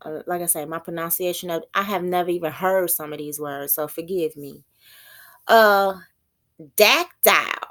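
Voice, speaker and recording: Here a woman with a lowish, fairly bright voice teaches poetic meter in a casual spiritual talk. She thinks out loud, and when reading terms she slows down and stumbles on the unfamiliar ones.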